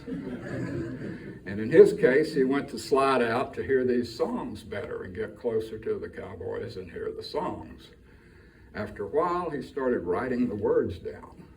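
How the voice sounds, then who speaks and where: A man introducing songs at a live showcase, telling their backstory in an unhurried storytelling way. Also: medium pitch, vocal fry, darkish tone, far from the mic, slight background noise, low-quality recording. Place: live music showcase venue, indoors.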